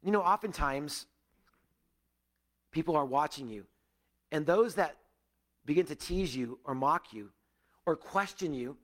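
Man, pastor, sermon, earnest, slightly high voice, loud emphasis then hushed asides. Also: expressive, unhurried, pauses often. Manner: earnest, swinging between raised emphasis and hushed, low passages. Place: church gathering.

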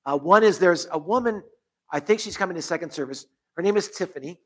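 A man's voice: high voice, fast talker, fairly bright tone. A man pastor leading a closing prayer in church, earnest, with repeated phrases and restarts. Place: church sanctuary.

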